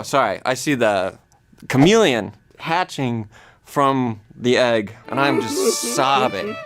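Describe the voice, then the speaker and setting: Excitable man telling a wild story. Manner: excitable, voice climbing high when panicked. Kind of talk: animated comic storytelling.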